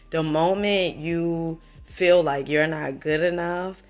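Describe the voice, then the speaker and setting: A woman with a Southern US accent giving a motivational talk to the camera, emphatic and preachy, calling the listener honey and checking in with "right?" and "okay?". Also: sits low. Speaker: vlogger.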